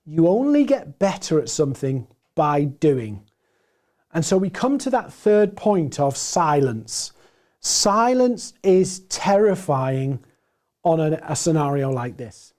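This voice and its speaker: A man with a gruff, hoarse voice presenting a live webinar, animated and deliberate, moving between loud points and quiet pauses. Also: a little high. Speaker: webinar presenter and sales trainer.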